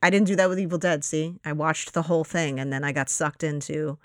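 A podcast co-host in casual chat, rambling and acting out their own reactions in quick quoted asides. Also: medium pitch, fairly even intonation, dry recording, studio quality.

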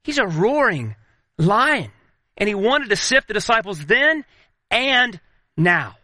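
A man preaching a sermon as pastor, earnest, slowing down and dropping his voice low for emphasis. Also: big pitch swings, sharp tone, dry recording.

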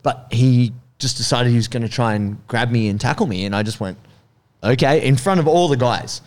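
A man's voice: medium pitch, normal speed. A man with an Australian accent, casually telling a story and acting out the voices in it. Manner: animated, acts out voices in anecdotes.

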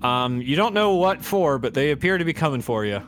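A man's voice: a little high, lively intonation, fairly quick, a bit bright, faint music behind. A man narrating a tabletop game as game master, rambling with many fillers and laughs.

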